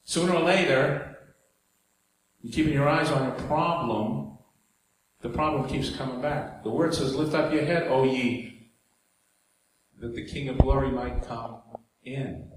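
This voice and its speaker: A man's voice: medium pitch, measured pace, pauses often. A man preaching a sermon in a conversational way, with asides and jokes to the congregation. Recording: very echoey hall, faint background noise.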